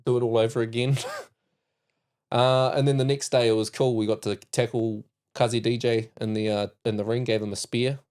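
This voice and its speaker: A man with a New Zealand accent hosting a podcast, telling a story in lively casual chat and acting out quotes. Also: medium pitch, moderate pace, clear, resonant tone. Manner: animated storyteller, laughs and acts out quotes. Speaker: podcast host.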